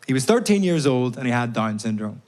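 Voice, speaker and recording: A man doing a stand-up routine, telling stories in a deadpan way with timed pauses, on stage at a live comedy venue. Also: medium pitch. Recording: live show recording with audience noise.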